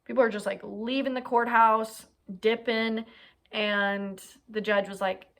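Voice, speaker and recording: A young woman casually retelling a true crime story, chatty and full of filler words and quick asides. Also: on the high side, fairly even intonation, a bit bright.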